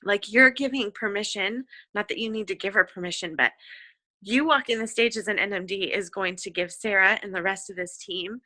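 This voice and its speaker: A woman's voice: medium pitch, brisk, bright, forceful tone, no room sound. Effusive woman on a team call. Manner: effusive, encouraging, rambling with many fillers. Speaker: direct sales team leader. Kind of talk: motivational talk on a team call. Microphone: conference call.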